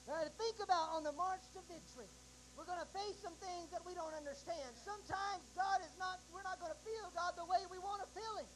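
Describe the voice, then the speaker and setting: A woman preacher delivering a sermon in a folksy way, rising into shouted climaxes with a rhythmic "uh" between phrases. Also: extremely high pitch, fairly quick, noisy background. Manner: folksy storytelling asides.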